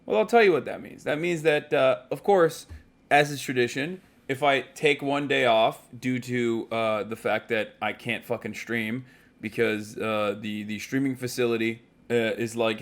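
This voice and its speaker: A man's voice: medium pitch, normal speed, fairly bright tone. A man livestreaming from a hotel room, chatting casually with rambling, profane jokes.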